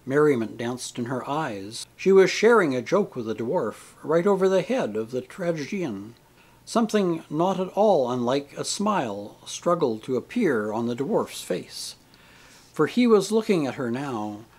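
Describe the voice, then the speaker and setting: A man reading a book aloud, measured and expressive. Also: fairly high pitch. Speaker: reader. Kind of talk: audiobook reading.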